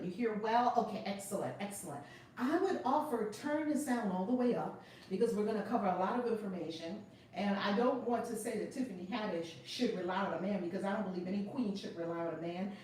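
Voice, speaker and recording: Here a spiritual teacher and channel host, a woman whose mid-range voice is a little mellow, leads a class streamed live. She first hails her viewers by name with exuberance, then shifts into teaching and emphasizes key words. It sounds like an echoey room with the mic set far away and faint noise underneath.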